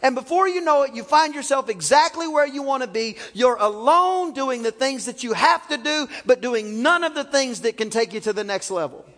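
A man's voice: very high-pitched, animated, moderate pace, hardly any pauses, a bit bright. A male pastor preaching a fervent, storytelling sermon with frequent exclamations, in a library used for church. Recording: long reverb in a library.

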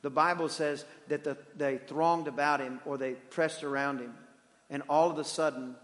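A high-voiced man preaching in a church, his voice ringing with long reverb through the hall. He is animated, swinging from loud shouts to hushed, quiet stretches. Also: moderate pace. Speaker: pastor. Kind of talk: sermon. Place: church sanctuary.

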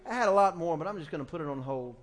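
A middle-aged man preaching a folksy, animated sermon in a church, speaking into a handheld microphone. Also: fairly high pitch, racing, faint music behind. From small-town US. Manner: folksy and animated, acting out family quotes. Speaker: pastor. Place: church sanctuary, music faint behind.

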